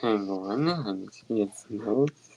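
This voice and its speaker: Slow, hesitant man on a stream. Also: fairly low pitch, background noise. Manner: hesitant, tentative questions. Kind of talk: casual live-stream chat.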